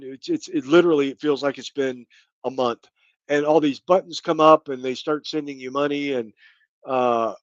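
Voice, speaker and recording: A man's voice: a little high, dry recording, muffled recording. Rambling Kentucky-born man on a live chat. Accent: light Kentucky. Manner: rambling, folksy, thanks viewers by name. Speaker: channel host. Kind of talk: casual live stream chat.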